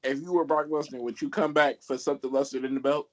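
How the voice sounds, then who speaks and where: A man's voice: mid-range voice, fairly even intonation, quick pace. A man co-hosting a casual wrestling podcast, teasing the others and questioning them. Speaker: podcast co-host.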